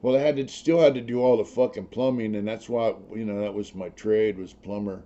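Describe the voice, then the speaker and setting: Middle-aged ex-con storyteller, low mellow voice, rough street talk, slightly muffled recording. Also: male voice, fairly even intonation, fairly quick. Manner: blunt, streetwise, heavy swearing and slang. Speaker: former prisoner telling his story. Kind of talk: casual storytelling, profane. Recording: slightly dull lo-fi audio.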